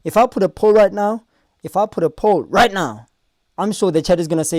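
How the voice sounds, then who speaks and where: Loud man reacting on stream. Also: high-pitched, brisk, dry recording, clean studio sound. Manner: loud, animated, crude banter with put-on voices.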